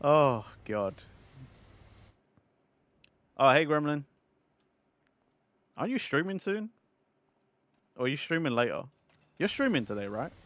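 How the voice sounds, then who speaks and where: Guy streamer laughing at chat, slow easygoing talk, dry close sound, cusses a lot. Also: fairly high pitch, very animated, a bit bright, dry recording. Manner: giggly, swears freely, chats with viewers. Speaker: livestreamer. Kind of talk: casual gaming stream chat.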